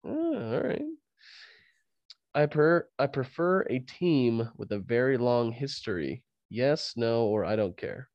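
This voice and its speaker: A man's voice: medium pitch, very animated, takes it slowly, dry recording, dull audio. A man with a cold hosting a casual sports podcast, laughing often and rambling with restarts. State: fighting a cold. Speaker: podcast host.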